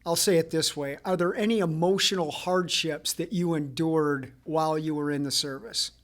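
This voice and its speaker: A man hosting a podcast, asking interview questions in a measured, deliberate way. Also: fairly high pitch, steady tone, a bit bright. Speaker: podcast host.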